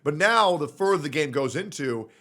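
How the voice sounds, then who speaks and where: A brash young man giving casual reaction commentary on a stream, blunt and foul-mouthed as he rants. His voice sits a bit high and bright, with a sharp edge, swinging widely in pitch. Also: expressive, normal speed. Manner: blunt, profane, ranting.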